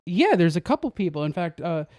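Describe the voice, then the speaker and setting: A man's voice: sits high, sing-song, fairly quick, darkish tone, no room sound, clean studio sound. A man hosting a stream, chatting casually and with amusement, full of fillers. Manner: amused, gossipy, filler-heavy. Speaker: stream host. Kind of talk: casual commentary chat.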